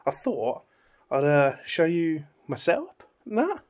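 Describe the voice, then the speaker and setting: A man with a hoarse, fading voice, rambling chattily through a casual room tour vlog filmed on a phone in his bedroom. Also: on the high side, wildly swooping pitch, measured pace, darkish tone. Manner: rambling, chatty, easily sidetracked. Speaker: YouTuber.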